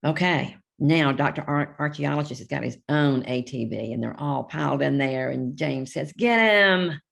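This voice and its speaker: An older woman reads her own children's picture book aloud to young listeners, stopping to chat and point things out on each page. Her voice sits very low and carries a strong gravelly fry. She slips into small voices for the characters while keeping the easy tone of a live reading. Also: steady tone, normal speed. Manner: chatty, reads character lines with small voice shifts and asides.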